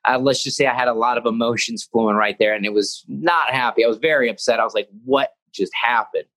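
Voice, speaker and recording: A man's voice: mid-range voice, fast, bright, forceful tone. A young man, a professional wrestler, talking earnestly in an interview, rambling with restarts and acting out what he said. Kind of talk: casual interview talk.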